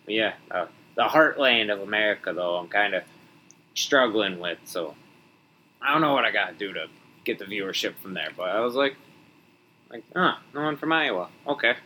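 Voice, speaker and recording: A man's voice: lowish voice, lively intonation, normal speed, long pauses, sharp tone, a little hiss or hum, low-quality recording. A young man from Wisconsin hosting a solo podcast, rambling and joking with mock indignation. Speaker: podcast host.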